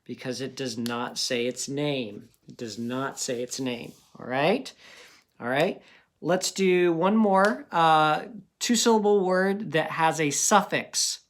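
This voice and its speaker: A man teaching a phonics lesson to young pupils, sounding out words slowly and asking patient questions. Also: a little high.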